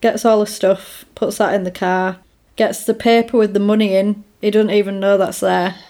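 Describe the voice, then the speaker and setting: A woman's voice: medium pitch, little pitch movement, normal speed, darkish tone. A woman chatting casually about an old film, retelling scenes with acted quotes.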